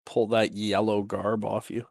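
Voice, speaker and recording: A man's voice: on the low side, flat delivery, unhurried, gravelly, a little mellow, no echo. A man playing in a tabletop game, swearing in mock rage and chatting casually. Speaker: player.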